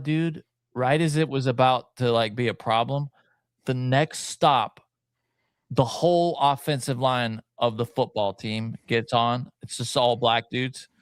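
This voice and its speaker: Man with a mid-pitched voice telling a story. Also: clean tone, no echo, studio quality. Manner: relaxed, conversational, comments on video. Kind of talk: casual chat, storytelling.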